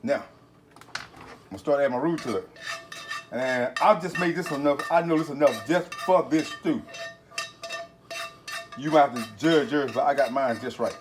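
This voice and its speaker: Guy cooking at home, folksy and excitable, normal pitch, faint sizzling pan behind him. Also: moderate pace, pauses often, background noise. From Texas. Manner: folksy, excitable, talks to viewers with catchphrases. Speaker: home cooking channel host. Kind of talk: casual cooking video talk. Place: home kitchen.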